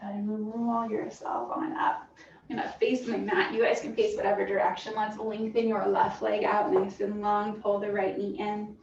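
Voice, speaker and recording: A woman fitness instructor calmly cueing a stretching class with encouraging guidance. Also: medium pitch, normal speed. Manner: calm, encouraging cueing with soft breathy asides. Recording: roomy, distant, dull sound with faint hiss.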